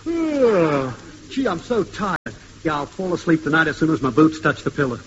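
An actor playing a weary, wisecracking Australian crook in vintage radio comedy. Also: male voice, a little high, sing-song, moderate pace, slight background noise. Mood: wry. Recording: echoey dull old radio recording.

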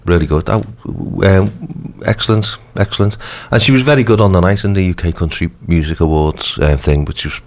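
Croaky, deep-voiced man chatting on radio. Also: brisk, few pauses, a little mellow. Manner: rambling, full of ums and restarts. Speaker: radio show host. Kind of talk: casual chat.

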